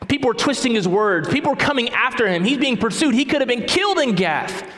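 High-voiced man preaching in echoey hall. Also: sing-song, fast, fairly bright tone. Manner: emphatic preaching, repeats key phrases. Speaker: pastor. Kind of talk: sermon. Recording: echoey hall with long reverb.

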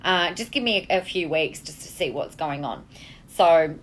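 A woman's voice: low voice, animated, normal speed, slight background noise. Blunt, candid Australian woman podcasting. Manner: candid, blunt, swears freely. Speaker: podcast host, marketing coach. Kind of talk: casual solo podcast monologue. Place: hotel.

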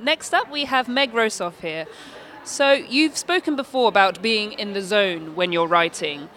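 An interviewer with a mid-range voice asks careful, polite questions at a measured pace. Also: medium pitch, animated, bright, forceful tone, soft background music. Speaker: podcast interviewer.

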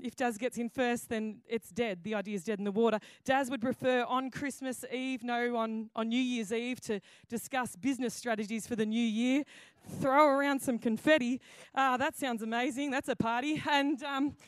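A woman pastor tells a story from the pulpit in a loose, chatty way, stopping and restarting her sentences. Her voice sits high, and the sound is dry and close. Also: normal speed, clear, resonant tone, no room sound. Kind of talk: sermon. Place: church auditorium.

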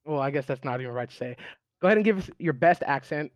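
A man's voice: a little high, lively intonation, fast talker, no room sound. A male podcast host in casual chat, rambling and laughing often.

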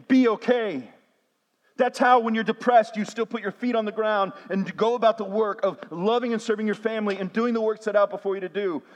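A man, a pastor preaching a sermon with call-and-response refrains. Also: high-pitched. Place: church sanctuary. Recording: long hall reverb.

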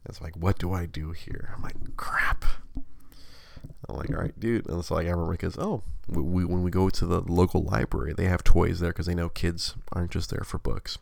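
A man's voice: low-pitched, steady tone, a little fast, vocal fry. A man in his thirties hosting a live stream, telling a rambling, self-mocking story with many restarts and laughs. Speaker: livestream host. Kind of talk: casual storytelling chat.

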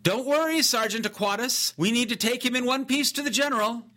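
A sneering young soldier taunts his captive in a storybook reading, his voice bright and sharp-edged, as a man puts him on. He sits a little above a man's usual pitch and mocks with every phrase. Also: big pitch swings, takes it slowly, heavily acted. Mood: eager. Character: mocking slender teenage male soldier.

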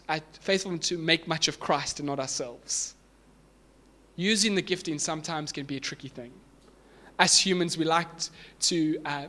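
Male pastor, sermon delivery, emphatic and building; voice a touch higher than most men. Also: bright, forceful tone. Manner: emphatic preaching, builds to raised repeated lines.

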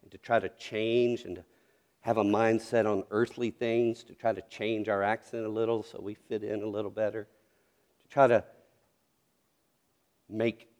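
A man's voice: lowish voice, a little mellow. A middle-aged man from North Carolina, a pastor preaching a sermon with storytelling and earnest questions.

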